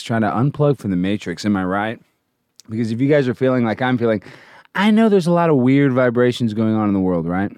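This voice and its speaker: A man hosting a comedic livestream, brash and boastful, jumping between loud shouting and low mumbling. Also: dry recording, clean studio sound. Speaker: livestream host.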